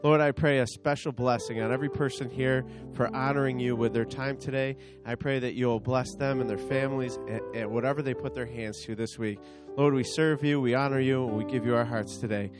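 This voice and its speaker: A man leading a steady, reverent closing prayer at a church service. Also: mid-range voice, a little fast, hardly any pauses. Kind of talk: spoken prayer. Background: guitar playing.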